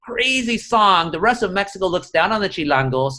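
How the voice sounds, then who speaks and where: A middle-aged man speaks as an interview guest, a columnist with a slightly raised pitch. He tells stories in an animated, profane, enthusiastic way. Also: a little fast. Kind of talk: casual interview conversation.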